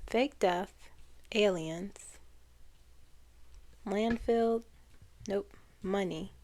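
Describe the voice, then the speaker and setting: A woman's voice: medium pitch, very slow, darkish tone. A woman doing a casual tarot card reading for viewers, musing aloud and trailing off. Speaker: tarot reader.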